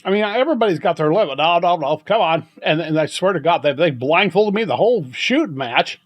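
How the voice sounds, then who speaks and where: An older man hosting a podcast, telling a story in a rambling, halting way with many restarts and chuckles. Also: a little high, animated. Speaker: podcast host. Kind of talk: casual storytelling monologue.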